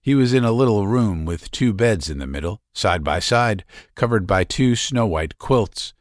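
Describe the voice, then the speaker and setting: Casting: male audiobook narrator, fairly low voice, dry close recording, measured delivery. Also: animated, no room sound. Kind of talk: scripted literary narration.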